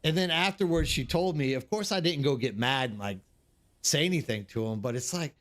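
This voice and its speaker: A man in his thirties hosts a casual live stream and tells long, rambling stories to his chat. His voice sits a little high for a man. He fills his talk with "like" and often restarts his sentences. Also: brisk, fairly bright tone. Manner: rambling anecdotes with many fillers and restarts. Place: living abroad in South Korea.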